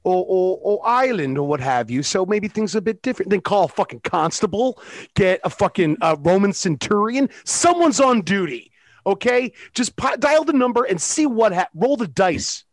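A man's voice: sits high, sing-song, moderate pace, dry recording. A man co-hosting a casual film review chat, sarcastic and profane, with plenty of filler words. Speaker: podcast co-host.

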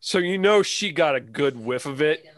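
A man's voice: a little high, animated, normal speed, fairly bright tone. A man co-hosting a podcast over a video call, chatting casually and laughing often. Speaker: podcast co-host. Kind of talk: casual chat.

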